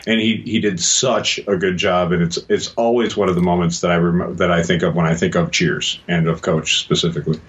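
A man's voice: low voice, fairly even intonation, fairly quick, hardly any pauses, muffled recording. A man co-hosting a podcast, talking casually and thoughtfully, searching for words. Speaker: podcast co-host.

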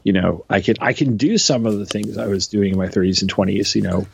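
Low-voiced man in his forties, halting. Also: vocal fry, husky. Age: 40s. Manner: halting, lots of restarts and laughs, self-deprecating. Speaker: podcast co-host. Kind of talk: casual chat.

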